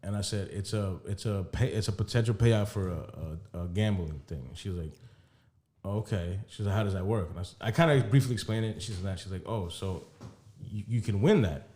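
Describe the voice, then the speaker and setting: A young man with a low, mellow voice recounts a personal drama to his co-host on a podcast. He tells it casually and keeps acting out both sides of the conversation. He swears freely and laughs as he goes. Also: brisk. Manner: animated storyteller, quotes conversations, frequent laughs and profanity. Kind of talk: casual storytelling chat.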